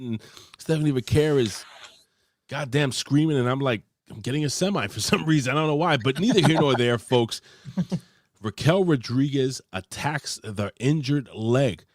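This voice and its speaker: Give me a man hosting a chatty review show, profane and rambling, with a lively pitch and a dry sound. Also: no echo. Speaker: host. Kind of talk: casual wrestling review chat.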